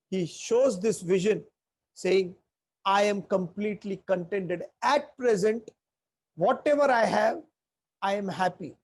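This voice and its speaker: A male teacher lecturing on scripture, his voice gravelly with a husky edge. He drifts into stories from old movies and slows right down to chant verses. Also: sits high, a little mellow. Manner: digressive, chants verses slowly. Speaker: spiritual teacher.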